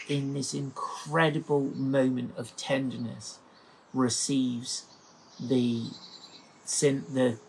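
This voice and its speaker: A man reading scripture aloud and pausing often to comment on it, with emotional exclamations and musing asides. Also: medium pitch, a little hiss or hum, poor audio. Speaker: Bible teacher.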